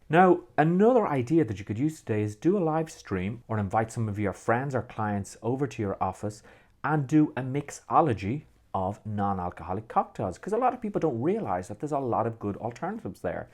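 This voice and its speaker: Upbeat Irish man presenting. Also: lowish voice. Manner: lively, swooping emphasis. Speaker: content marketing presenter. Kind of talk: upbeat video tutorial.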